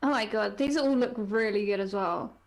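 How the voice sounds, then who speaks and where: A woman's voice: mid-range voice, normal speed. A woman, co-hosting a fan podcast and chatting casually with a friend. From England. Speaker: podcast co-host. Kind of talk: casual chat.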